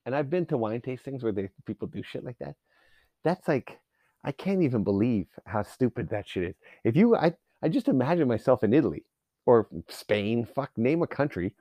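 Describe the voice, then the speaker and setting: A man's voice: medium pitch, very animated, normal speed, mellow, no room sound. Profane, rambling man on a dry mic. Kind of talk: casual solo rant.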